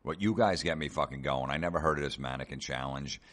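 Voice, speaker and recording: A man with an extremely deep, low voice rants his way through a comedy podcast monologue. He talks sarcastically, swears constantly and keeps telling listeners to relax. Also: fast, fairly bright tone. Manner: profane, sarcastic ranting. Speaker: podcast host.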